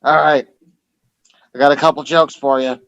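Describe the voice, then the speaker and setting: A man's voice: medium pitch, fairly even intonation, normal speed, fairly bright tone, dull audio. A man co-hosting a comedy podcast, reading joke tweets and telling crude jokes with plenty of swearing. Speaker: podcast co-host.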